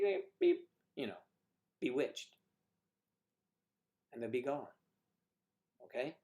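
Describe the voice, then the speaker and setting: A man hosting a casual livestream, chatting and joking while answering viewer comments. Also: mid-range voice. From northern United States. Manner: chatty, jokey, reads viewer comments aloud. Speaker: livestream host.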